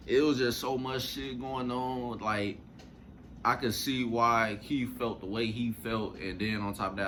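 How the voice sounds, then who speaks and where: A man's voice: lowish voice, fairly bright tone, a little hiss or hum. A man hosting a reaction video, talking through his opinions in a laid-back casual way, often repeating "at the end of the day". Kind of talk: casual commentary.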